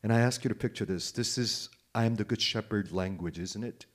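A male pastor preaching a sermon, repeating phrases and asking rhetorical questions, rising to loud emphatic peaks and dropping to hushed quiet lines. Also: fairly low pitch, fairly quick. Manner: swings from loud emphatic rises to soft hushed drops.

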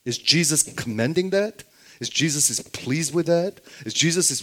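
A man's voice: on the high side, animated, moderate pace. Man preaching with rhetorical questions. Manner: frequent rhetorical questions with "okay?" tags. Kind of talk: sermon, Bible teaching.

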